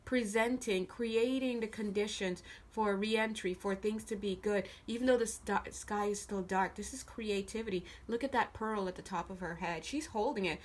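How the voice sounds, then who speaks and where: A woman's voice: medium pitch, moderate pace, hardly any pauses. A woman giving a casual tarot reading at a table, her intonation swinging a lot as she talks bluntly and swears freely. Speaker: tarot card reader. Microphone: camera filming the cards on a table.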